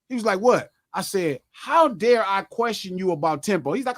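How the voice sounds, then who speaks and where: A middle-aged man hosts a podcast in casual chat, profane and animated, acting out arguments with himself. His voice sits high and swings widely in pitch. The sound is dry and close. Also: moderate pace, hardly any pauses, dry recording. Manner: animated, profane, argues with himself in mock quotes. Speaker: podcast host.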